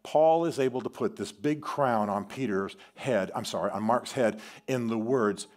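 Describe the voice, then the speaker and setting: A man preaching a sermon in a church, telling a story with animation and swinging from loud declarations to quiet asides. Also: mid-range voice, normal speed, hardly any pauses. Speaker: guest preacher. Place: church sanctuary.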